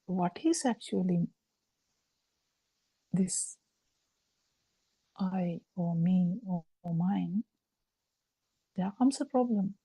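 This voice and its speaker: A woman giving a slow, halting Buddhist dharma talk over a video call, with frequent fillers. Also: lowish voice, warm tone, breathy edge, dry recording, poor audio. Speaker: Buddhist teacher.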